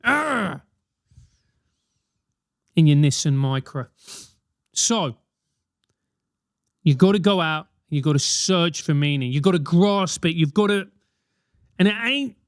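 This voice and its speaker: On his solo podcast, a forties-aged man rants with lots of animation, cursing and putting on mock voices. The sound is clean studio audio with no echo, and his voice sits fairly high.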